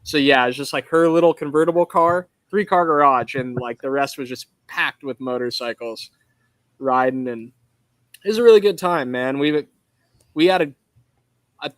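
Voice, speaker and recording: A man from Arizona with a relaxed, rambling way of talking full of fillers, a guest in a casual podcast interview from his welding shop over a video call. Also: medium pitch, moderate pace, dry recording. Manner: laid-back, rambling, filler-heavy talk.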